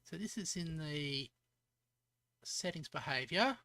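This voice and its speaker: A woman's voice: low voice, animated, slow, sharp tone, no echo. An Australian woman streaming as a VTuber, thinking aloud as she codes and chatting with viewers in between. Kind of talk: live coding stream chat.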